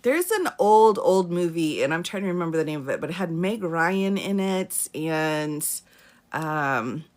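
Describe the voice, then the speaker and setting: Woman, attorney, casual live-stream chat, lower voice, very lively intonation, frequent laughter. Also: a little slow. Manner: laughs often, chatty and animated, greets viewers by name. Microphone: phone or webcam for a live stream.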